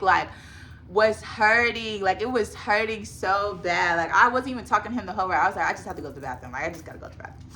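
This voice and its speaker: A young woman in her twenties tells a storytime vlog in a chatty, filler-heavy way. She keeps turning to her viewers as y'all. Her voice is bright and forward over a faint background hum. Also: medium pitch. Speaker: vlogger. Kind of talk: casual storytime.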